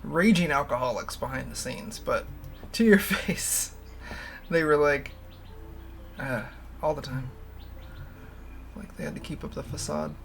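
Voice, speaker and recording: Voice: medium pitch, unhurried, creaky, long pauses, soft background music. A livestream host chatting casually, rambling and candid, laughing often and swearing freely. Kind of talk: casual stream chat.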